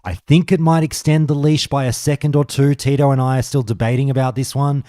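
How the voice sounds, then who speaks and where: Male podcast host, mid pitch, heated ranter, dry close mic. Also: steady tone, brisk, warm tone, no room sound. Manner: ranting, swears a lot, gets heated. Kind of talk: casual podcast chat.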